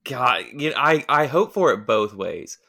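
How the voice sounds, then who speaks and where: A man's voice: mid-range voice, big pitch swings, measured pace, creaky, bright, forceful tone, dry recording. A man co-hosting a casual comedy podcast, goofy and riffing on bits. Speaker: podcast co-host.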